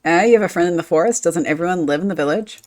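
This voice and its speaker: A woman voicing a calm adult traveler who questions the children, reading game dialogue aloud. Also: on the low side, racing, natural voice.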